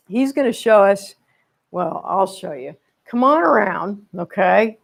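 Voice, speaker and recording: A woman's voice: medium pitch, animated, takes it slowly, gravelly. A woman guiding a children's yoga class in a library, chatty and encouraging, often checking in with the kids and laughing along. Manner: cheerful, chatty, encouraging with frequent okays and laughs. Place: library, indoors. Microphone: wearing a microphone.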